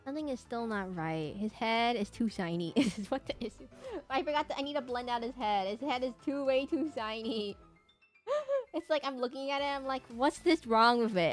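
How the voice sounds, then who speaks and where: A woman's voice: on the high side, animated, brisk, soft background music. A young woman streamer chatting casually with her viewers while she draws, rambling playfully and humming to herself. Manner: rambling, playful, talks to chat, hums. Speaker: streamer drawing for chat. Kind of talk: casual chat while drawing.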